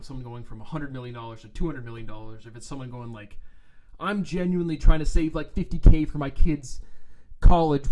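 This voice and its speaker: A man's voice: mid-range voice, mellow. A man on his trading vlog, talking in a blunt, profane and sarcastic rant, now and then mocking others in put-on voices. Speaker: trading vlogger. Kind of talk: ranting casual monologue. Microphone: own microphone, adjusted while talking.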